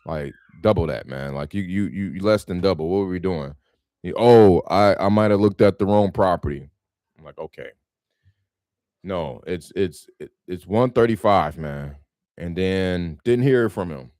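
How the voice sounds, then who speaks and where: A man hosting a casual live stream about real estate wholesaling, telling stories in an animated, slangy way and laughing often. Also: sits low, normal speed, no echo, clean studio sound.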